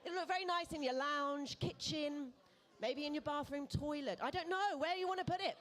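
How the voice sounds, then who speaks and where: A woman running a live charity auction in a pub, calling bids in a brisk, coaxing, playful way. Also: sits high, a bit bright. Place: pub event room.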